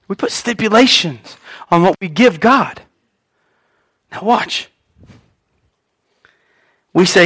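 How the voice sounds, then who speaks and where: A man's voice: high voice, lively intonation, takes it slowly, long pauses, a bit bright, slightly rough. A male pastor preaching a sermon in an earnest way, repeating his phrases and voicing prayers aloud.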